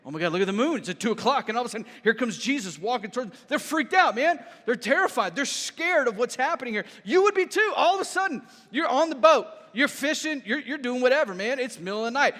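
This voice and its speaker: A man preaching a sermon as a pastor, telling his story with lively repeats and a habit of asking "right?". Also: extremely high pitch, quick pace, few pauses. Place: church sanctuary. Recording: reverberant church hall.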